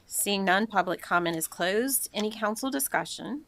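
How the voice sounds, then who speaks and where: A woman chairing a council meeting, reading out agenda items and procedures in a measured, formal way. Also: mid-range voice, animated, a bit bright.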